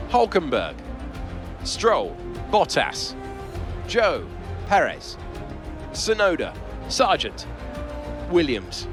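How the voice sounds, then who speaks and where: A man voicing an upbeat television race commentator in a video game, with scripted broadcast delivery, over game audio with a loud music bed. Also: fairly high pitch, full character voice. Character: polished male TV race commentator.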